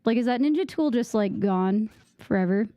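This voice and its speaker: A young woman chats casually while she plays, her thoughts wandering and her sentences full of "like." Her voice sits fairly high with a soft, mellow tone. The sound is dry and close, like a desk mic. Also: lively intonation, normal speed, no room sound, highs cut off. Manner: rambling, distracted, filler-heavy with "like". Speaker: gaming streamer. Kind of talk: casual gameplay chat.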